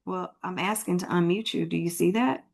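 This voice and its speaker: A woman's voice: on the low side, steady tone, a little fast, gravelly. A woman with a Texan accent, a real estate broker teaching a live online homebuyer class in a chatty, informal way over a computer mic. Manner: chatty and informal, thinks aloud while fixing tech. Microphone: computer mic on a video call.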